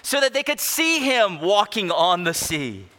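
Bright-voiced man preaching emphatically. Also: high voice, very animated. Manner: emphatic, rhetorical questions, slows down for weight. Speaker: pastor. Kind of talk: expository sermon.

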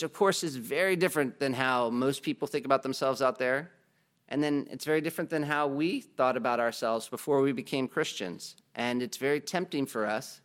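A man preaching a sermon as pastor, in a conversational way, asking the congregation questions and adding joking asides. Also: medium pitch.

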